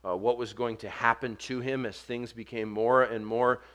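A man preaching a sermon, earnest, building to forceful emphasis and dropping soft on quoted words. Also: mid-range voice, little pitch movement, normal speed. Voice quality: short stature mentioned, not vocal.

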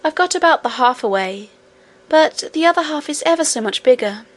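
Woman voicing a high, eager little princess. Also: expressive, a little fast. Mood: earnest. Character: young girl princess, brave and earnest.

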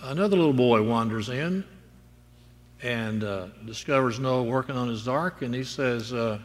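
A man's voice: medium pitch, expressive, normal speed. A male pastor preaching a sermon, moving from storytelling to emphatic declarations. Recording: long reverb in a large hall.

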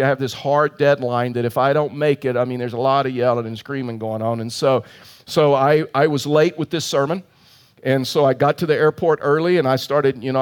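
A male pastor preaches in a relaxed storytelling way, poking fun at himself as he goes. His voice sits a little higher than most men's, and he often loops back with "and so" before pushing on. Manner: chatty and self-mocking, many "and so" restarts. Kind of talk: humorous sermon storytelling.

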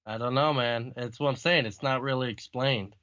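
A man recapping comic scenes in relaxed, profane casual chat. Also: mid-range voice, normal speed, no echo, highs cut off. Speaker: comic book podcast co-host.

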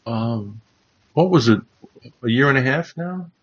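A man's voice: mid-range voice, lively intonation, measured pace. A man, a chaplain hosting a Bible livestream, telling rambling stories in a casual way, with many restarts. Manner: rambling, restarts, chuckling as he recalls. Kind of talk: casual anecdotal storytelling. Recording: dull lo-fi stream audio.

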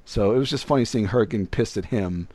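A man's voice: on the low side, fairly quick. A young man telling a casual story, acting out other people's lines as he goes. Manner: animated, acts out other people's voices.

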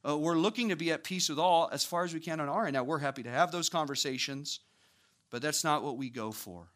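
A young man preaching a sermon to a church audience, talking conversationally and building to animated emphasis. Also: fairly high pitch, a little fast. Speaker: pastor.

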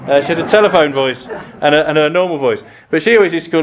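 Middle-aged English vicar, southern accent; relaxed, rambling sermon full of ums and restarts. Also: male voice, fairly high pitch, fast, few pauses, a little hiss or hum. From England. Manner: chatty, self-deprecating, many ums and restarts. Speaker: priest. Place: church.

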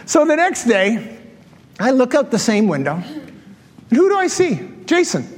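A middle-aged man and pastor telling a story in a sermon, animated and self-mocking, often laughing at himself. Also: extremely high pitch, a little slow, long pauses, husky. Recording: long reverb of a large hall.

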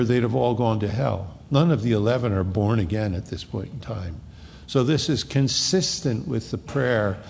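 A middle-aged man preaching a verse-by-verse sermon, reading scripture slowly and explaining it emphatically. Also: medium pitch, creaky, a little mellow, long reverb tail, a little hiss or hum. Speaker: pastor. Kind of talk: verse-by-verse Bible teaching sermon.

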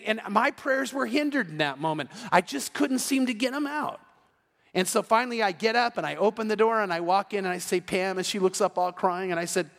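A male pastor delivers an evening sermon in a fairly high voice. He tells frank personal stories and voices his own past thoughts along the way. The sound carries the long reverb of a church hall. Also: fairly bright tone. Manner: candid storytelling, acting out his own inner voice.

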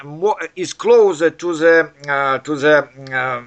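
Halting man asking questions. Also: fairly high pitch, smooth, muffled recording. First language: Russian. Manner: halting, with many fillers and restarts. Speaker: interviewer. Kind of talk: casual conversation in a second language.

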